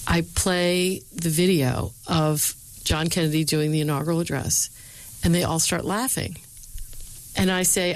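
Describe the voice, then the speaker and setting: A middle-aged woman with a notably low voice, answering questions in an interview. She tells her stories with energy and voices the people she quotes. The sound is dry and close. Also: steady tone, measured pace, no room sound, rough recording. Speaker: speechwriter and university lecturer.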